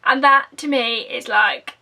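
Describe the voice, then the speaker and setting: A woman's voice: a little high, a little slow, creaky, bright, forceful tone. A young woman with an Essex accent, casually reviewing makeup in a gushing, chatty way that sometimes drops to a whisper. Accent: Essex English. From England. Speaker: beauty vlogger.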